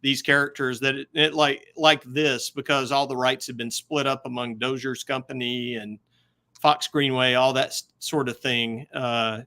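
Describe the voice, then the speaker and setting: A man's voice: medium pitch, flat delivery, normal speed, bright, forceful tone. A man guesting on a podcast, chatting casually and hesitantly with lots of fillers. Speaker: podcast guest, comic writer. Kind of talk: casual chat.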